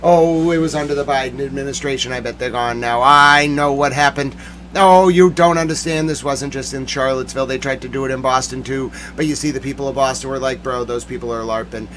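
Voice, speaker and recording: Brief: male streamer, mock-furious sarcastic rant, bright edgy voice, faint hum behind. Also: fairly high pitch. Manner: sarcastic, mock-angry, shouting bursts. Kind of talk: ranting commentary.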